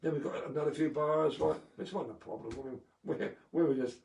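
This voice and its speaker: On a live video call, a former motocross champion tells casual, meandering stories with plenty of fillers and chuckles. His creaky voice sits on the high side, a little mellow and a little fast. The sound is echoey and distant, with faint noise.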